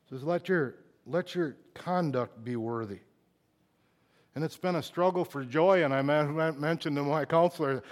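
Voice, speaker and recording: A middle-aged man preaching a sermon, moving between quiet confiding talk and loud impassioned bursts, emotional at times. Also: mid-range voice, normal speed. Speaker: pastor.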